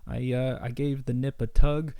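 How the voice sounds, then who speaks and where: A young man telling a comic story in a deadpan, mock-serious rambling way, like a vlogger's monologue. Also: mid-range voice, normal speed, creaky, smooth, no room sound. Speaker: comedy vlogger.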